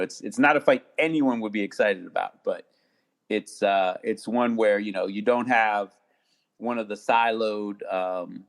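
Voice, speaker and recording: A man talking casually as a podcast guest, halting with many restarts and fillers. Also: fairly low pitch, vocal fry. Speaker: guest attorney.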